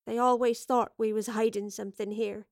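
A woman's voice: a little high, little pitch movement, normal speed, no room sound, studio quality, lightly acted. A woman voicing a timid, uneasy young survivor who talks in plain colloquial grammar.

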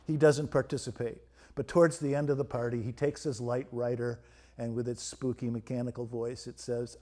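A pastor preaching a storytelling sermon, swinging between loud emphasis and quiet, hushed moments. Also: male voice, mid-range voice, level tone, normal speed.

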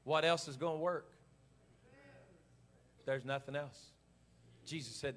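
A man's voice: on the high side, steady tone, takes it slowly, pauses often, fairly bright tone. A middle-aged man preaching a sermon as pastor, in a folksy, plain-spoken way full of repetition.

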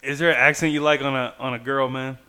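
A man's voice: mid-range voice, flat delivery, quick pace, pushed and bright, clean tone. A man co-hosting a casual chat at a house, trading crude jokes.

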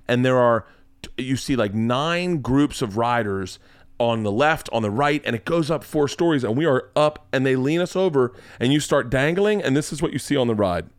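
A man's voice: medium pitch, animated, normal speed, dry recording. A man in his forties telling a comic, profane story as a podcast host.

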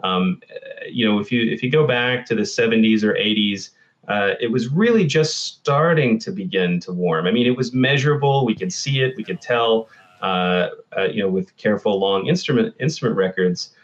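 A man's voice: on the low side, normal speed, muffled recording. A man from Texas, a climate scientist guest, explaining with many fillers and restarts. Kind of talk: interview answers.

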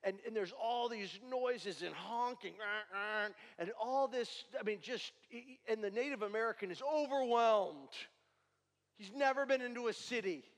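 Male pastor, high-pitched, preaching emphatically in a reverberant church hall. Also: normal speed. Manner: emphatic preaching with repeated rhetorical questions. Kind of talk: sermon.

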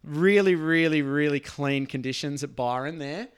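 A man's voice: on the high side, moderate pace, clear, resonant tone. A man co-hosting a podcast, chatting casually with jokey, rambling banter. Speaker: podcast co-host. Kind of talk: casual chat.

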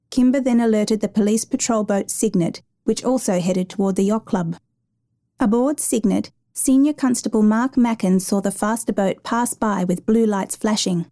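Mellow-voiced woman narrating a story. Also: medium pitch. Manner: measured, even reading. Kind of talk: storybook narration of a true rescue.

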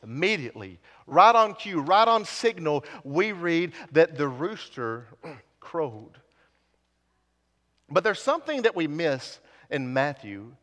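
High-pitched preacher guy, repeats himself, drops real quiet sometimes, long echo in the church. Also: big pitch swings, takes it slowly. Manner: repetitive, rising and dropping to near whispers. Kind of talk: sermon. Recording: long hall reverb.

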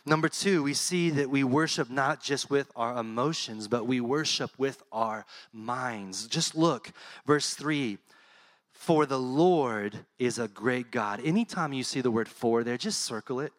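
A middle-aged pastor, preaching a sermon in a conversational, animated way and dropping to a soft, low voice for heartfelt points. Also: male voice, unhurried, no echo.

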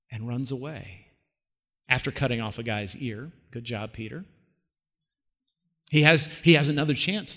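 A man's voice: fairly high pitch, a bit bright. A man preaching a sermon as a pastor, telling the story in a conversational way and asking the listeners questions. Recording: long hall reverb.

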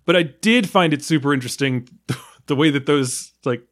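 A man's voice: on the high side, normal speed, fairly bright tone. A man from the United States talking casually about a film, rambling with many fillers, restarts and small laughs. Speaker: film podcast guest.

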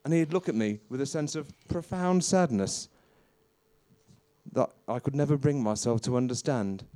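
A man playing a crude, bewildered veteran stand-up comedian in a rambling deadpan confessional monologue. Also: mid-range voice, moderate pace, close to an everyday voice.

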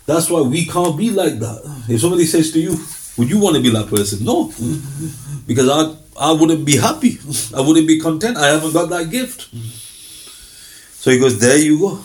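A man delivers a religious talk in a slightly high voice. He acts out little exchanges between characters and keeps asking his audience rhetorical questions. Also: big pitch swings, moderate pace, darkish tone, rough recording. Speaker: Islamic preacher. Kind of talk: religious lecture.

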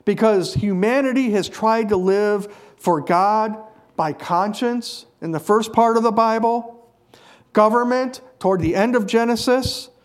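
A man preaching a sermon, earnest and emphatic, stressing key phrases with repetition. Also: sits high.

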